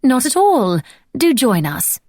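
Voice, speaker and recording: A woman's voice: sits high, sing-song, slow pace, a little mellow, husky, no echo, clean studio sound, voice pushed up, exaggerated voice. A woman voicing a poised, scheming young Regency society lady, sweet and falsely gracious, in an audiobook. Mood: gushing, sly. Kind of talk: audiobook character voice.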